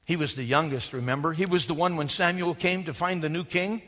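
A man's voice: a little high, steady tone, fairly quick, few pauses, big-room sound. A man preaching an emphatic, storytelling sermon in a church sanctuary. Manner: emphatic, storytelling, shifts from loud to hushed.

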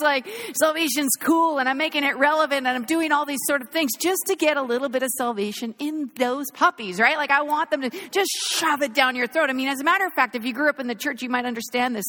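A woman in her thirties preaching an animated sermon in a chapel, telling a story with laughter. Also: high voice, a little fast.

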